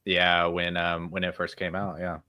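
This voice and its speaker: Deep, bright-toned man, brief replies. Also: monotone, normal speed. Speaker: podcast guest. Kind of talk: casual chat.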